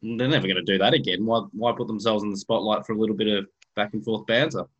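A man co-hosting a podcast, rambling quickly through his point. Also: lowish voice, fairly even intonation, a bit bright, husky. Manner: rushed, rambling. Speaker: podcast co-host. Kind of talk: casual panel chat. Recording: muffled lo-fi audio.

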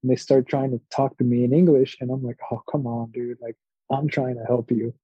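A man's voice: medium pitch, a little fast, husky, no echo. A man co-hosting a podcast in casual chat, rambling through stories and acting out the people in them. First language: Spanish. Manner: rambling, animated storytelling with quoted voices and laughs. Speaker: podcast co-host. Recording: dull lo-fi podcast mic.

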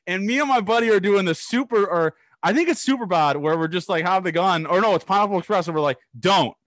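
A man's voice: high voice, fast talker, dry recording. A young man from Canada hosting a casual interview, telling wild stories with energy and swearing casually. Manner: animated storyteller, swears casually. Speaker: podcast host.

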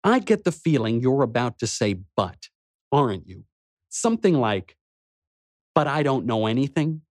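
A man's voice: medium pitch, sing-song, measured pace, dry recording, studio quality. A man voicing a corrupt male cop who speaks in a mournful, taunting way, read in an audiobook. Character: corrupt male cop thug, mocking and menacing.

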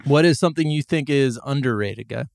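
A man's voice: medium pitch, fairly quick, gravelly, a little mellow, no room sound, studio quality. Rambling, laughing podcast host man. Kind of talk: casual comedy chat.

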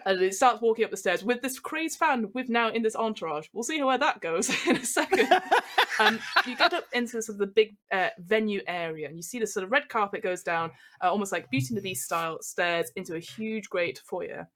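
A woman's voice: mid-range voice, brisk, fairly bright tone. A woman narrating as game master of a tabletop role-playing game, chatty and rambling. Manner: chatty and rambling, full of fillers.

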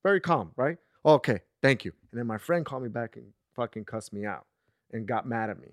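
Talking at a quick pace in a mid-range voice, a man hosts a podcast chat, telling stories and acting out the quotes as his intensity builds. The recording is dry, with clean studio sound.

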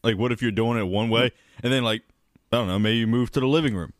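A man co-hosting a podcast, making wry deadpan asides and swearing casually. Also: medium pitch, fast talker, dry recording, studio quality. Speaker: podcast co-host.

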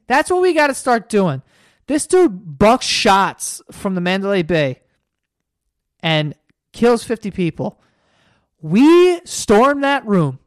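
A man hosting a podcast, rambling in a casual monologue full of swearing that gets worked up and loud. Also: high-pitched, no echo, clean studio sound. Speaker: podcast host.

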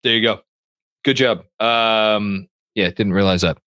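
A man hosting a casual sports podcast, excitable and rambling as he reads viewer comments. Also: on the low side, unhurried, dry recording. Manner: excitable, rambling, many fillers and restarts. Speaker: podcast host.

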